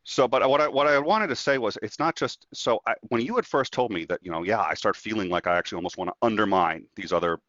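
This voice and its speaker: A man speaking as a guest in a casual conversation, telling stories in an animated way and acting out what people said. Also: lowish voice, fast, few pauses, dry recording. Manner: animated storyteller acting out quotes. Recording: dull, dry lo-fi sound.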